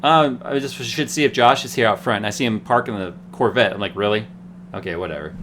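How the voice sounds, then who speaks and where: A man's voice: mid-range voice, quick pace, slight background noise. A man hosting a casual tech livestream, rambling and laughing while he tells stories. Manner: laughing, rambling, animated storytelling. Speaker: host.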